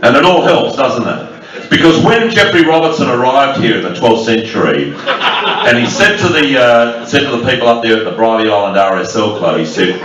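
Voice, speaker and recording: A man performing stand-up in a packed club, barking out crude jokes and needling the audience. His lively, swooping delivery is picked up from a distance, with the room's heavy echo and loud laughter all around him. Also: mid-range voice, normal speed, muffled recording. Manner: crude, abrasive crowd-work with shouted impressions. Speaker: stand-up comedian. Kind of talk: stand-up comedy set. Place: club function room with a live audience. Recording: distant mic in a crowded echoey club.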